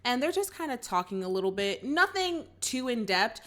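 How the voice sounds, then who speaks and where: A woman's voice: fairly high pitch, moderate pace. A young woman hosting a movie reaction, recapping the plot in casual chat and talking straight to her viewers. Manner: animated, acts out characters' lines, talks to viewers as y'all.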